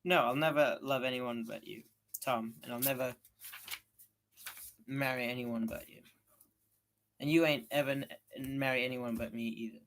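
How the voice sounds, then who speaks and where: A man voicing a timid, tearful young girl in a storybook reading, his voice raised and soft. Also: mid-range voice, steady tone, normal speed, long pauses, slight background noise, natural voice.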